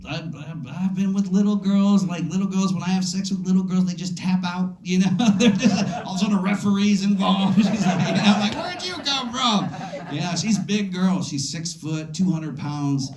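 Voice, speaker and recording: A man doing a stand-up set at a comedy club, rambling, calling out to audience members, and jumping into high silly voices for quotes. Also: moderate pace, hardly any pauses, darkish tone. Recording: echoey club room. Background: audience laughter.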